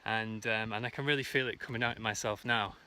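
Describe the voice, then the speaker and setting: Man, out of breath, walking uphill outdoors, earnest rambling vlog talk, forceful tone, faint noise behind. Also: on the low side, fairly even intonation, fast talker. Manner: earnest, rambling, many fillers. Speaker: vlogger. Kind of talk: reflective self-help monologue. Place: outdoors on a hike.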